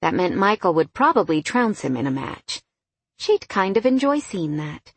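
A woman reading a novel aloud in an even, storytelling narration. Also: mid-range voice, moderate pace, breathy edge, no echo. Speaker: audiobook narrator. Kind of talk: scripted narration.

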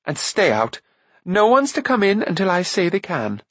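A man's voice: high-pitched, wildly swooping pitch, dry recording, pitched above the performer's own voice, full character voice. A man voicing a bossy, spirited young girl who scolds and chatters in an audiobook. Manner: sharp, scolding, quick.

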